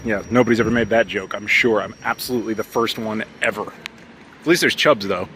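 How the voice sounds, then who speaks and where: A man's voice: lowish voice, brisk, pushed and bright, slight background noise. A man from the United States casually vlogging outdoors on town streets, chatty and joking with lots of fillers. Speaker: travel vlogger. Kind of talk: casual walking vlog.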